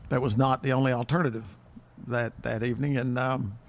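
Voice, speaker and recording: Gravelly man reminiscing haltingly. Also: medium pitch, steady tone. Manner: halting, self-deprecating, many restarts. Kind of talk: casual chat.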